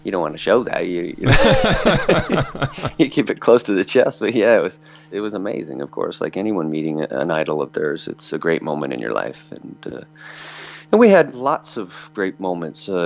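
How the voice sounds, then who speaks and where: Low-pitched with vocal fry, a metal singer in his fifties from Michigan, USA, tells meandering stories full of fillers in an interview. The audio is dull and lo-fi.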